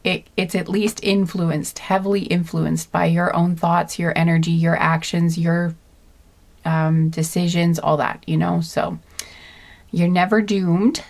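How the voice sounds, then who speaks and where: Sleepy soft-spoken woman reading tarot. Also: on the low side, flat delivery, vocal fry, no room sound. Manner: soft-spoken, unhurried, trailing off with fillers. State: tired and sleepy. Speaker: tarot card reader. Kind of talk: relaxed pick-a-card reading, chatty and rambling.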